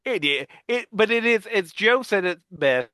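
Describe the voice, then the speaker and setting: A man's voice: high voice, moderate pace, clear, resonant tone. A middle-aged man co-hosting a podcast, telling stories in casual chat, acting out other people's voices and laughing often. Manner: animated storyteller, acts out voices, laughs often. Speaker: podcast co-host.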